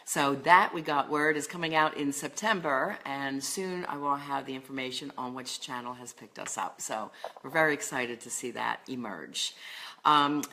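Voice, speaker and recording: A middle-aged woman speaks as a relationship coach, her voice very low yet bright and forceful. She talks earnestly, working through lists with the odd filler word, in the manner of a solo talk to camera. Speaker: life and love coach.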